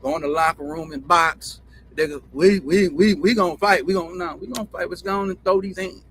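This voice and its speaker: A man with a country drawl talks in a bright, forceful voice, a little higher than most men. He rambles, swears freely and circles back over the same phrases. A faint hiss of noise sits under his voice. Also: brisk. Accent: Southern US country drawl. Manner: profane, rambling, repeats himself. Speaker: show host. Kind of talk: casual storytelling monologue.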